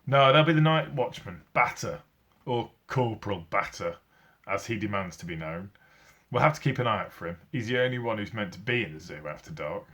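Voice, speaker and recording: Brief: storybook old zookeeper, gruff and fond, lively delivery from a man reading aloud. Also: lowish voice, fairly quick.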